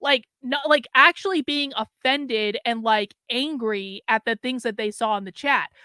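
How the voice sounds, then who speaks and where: Bright-voiced drained woman host, rambling. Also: a little high, moderate pace, dry recording, clean studio sound. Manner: rambling and exasperated, heavy on fillers. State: drained and low on energy. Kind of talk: casual solo commentary.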